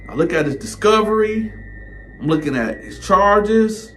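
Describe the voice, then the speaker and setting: Animated man telling a funny story. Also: high voice, a little slow, faint music behind. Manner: animated, voices other people. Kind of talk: comedic storytelling.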